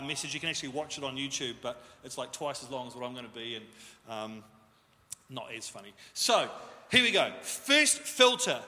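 Male pastor, casual jokey sermon delivery, high and bright, echoing church hall. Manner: jokey, self-deprecating, conversational. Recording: echoey hall reverb.

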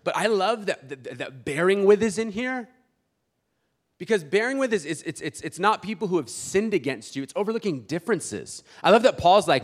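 A man in his thirties preaching a sermon as a pastor, animated and conversational, acting out church members and often restarting his words. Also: high voice, normal speed. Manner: many restarts and repeated words.

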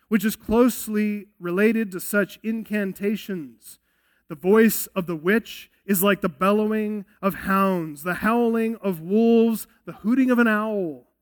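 High-voiced man preaching an emphatic sermon. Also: a little slow. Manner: earnest, emphatic preaching with rhetorical questions. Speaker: pastor. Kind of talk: expository sermon.

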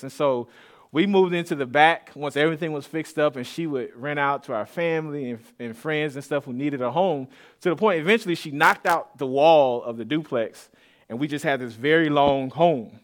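Conversational pastor from east Austin. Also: male voice, fairly high pitch, fairly quick. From east Austin, Texas. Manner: conversational, storytelling, with asides and laughs. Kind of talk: sermon. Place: church sanctuary.

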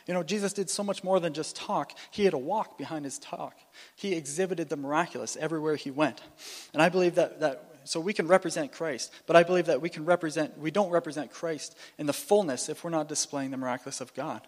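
Male preacher, sermon, somewhat high voice, animated with restarts, long hall reverb. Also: fast talker. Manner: animated, restarts and repeats phrases, playful asides.

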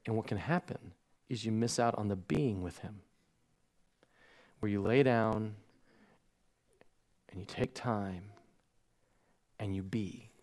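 A man, a pastor preaching a sermon to a congregation, acting out family stories with lively swings and falling soft and hushed when he turns reflective. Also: lowish voice, takes it slowly, long pauses. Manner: animated storytelling, acting out his own shouting at bedtime. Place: church stage before a congregation.

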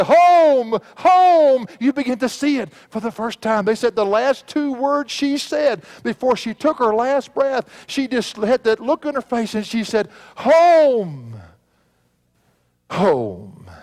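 Earnest preacher man, higher pitched. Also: darkish tone. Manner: earnest preaching, swelling and dropping with emphasis. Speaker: pastor. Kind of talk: expository sermon.

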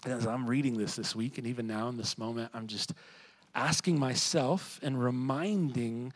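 A man preaching a sermon in a conversational way, sometimes quiet and reflective, sometimes rising to emphatic. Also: medium pitch, moderate pace, poor audio. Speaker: pastor.

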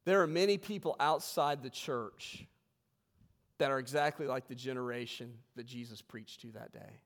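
A man preaching a sermon to his congregation, emphatic, swelling loud and then dropping low. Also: moderate pace, gravelly, long reverb tail. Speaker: pastor. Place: church sanctuary.

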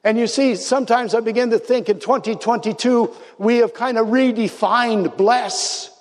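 A man's voice: very high voice, moderate pace, long reverb tail. A man preaching a sermon as a pastor, telling stories in a reflective way and dropping to near-whispers for emphasis.

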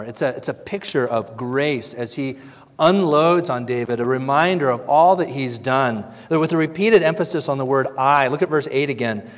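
A man's voice: medium pitch, normal speed, big-room sound. A man preaching a sermon, earnest and conversational, who briefly acts out the voices of the people he quotes and often repeats his words. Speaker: pastor.

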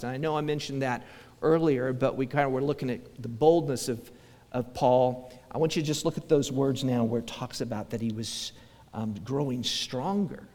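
A man's voice: mid-range voice, steady tone, normal speed, darkish tone, in a large hall. A male pastor preaching a conversational sermon, acting out quoted voices and often restarting his sentences.

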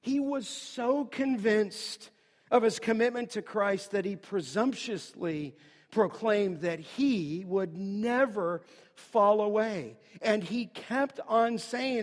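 A man preaching an earnest, emphatic sermon that builds to loud declarations. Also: high voice, slow pace, in a large hall. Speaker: pastor.

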